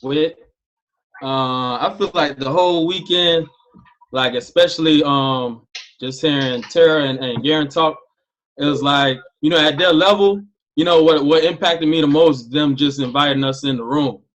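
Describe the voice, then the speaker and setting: A man's voice: on the high side, normal speed, fairly bright tone, muffled recording. Reflective man sharing on a call. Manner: reflective, conversational, many fillers. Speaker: team member sharing on a call. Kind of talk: casual testimonial share.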